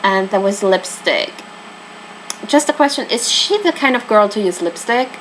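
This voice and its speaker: A woman casually commenting on a mystery game, chatty and thinking out loud as she weighs the suspects. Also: medium pitch, expressive, normal speed, a little hiss or hum, poor audio. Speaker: let's play host.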